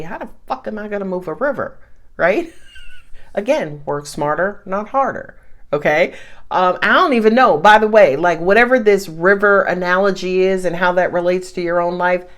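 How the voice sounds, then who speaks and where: A woman giving a casual, animated tarot reading, laughing often and swearing freely as she talks. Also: on the low side. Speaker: tarot reader.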